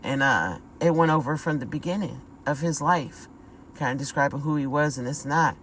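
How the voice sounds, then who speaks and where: A woman's voice: sits low, moderate pace, slight background noise, rough recording. Emphatic woman talking to her viewers. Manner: emphatic, repeats words, addresses viewers as y'all. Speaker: spiritual vlogger. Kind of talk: casual monologue to viewers.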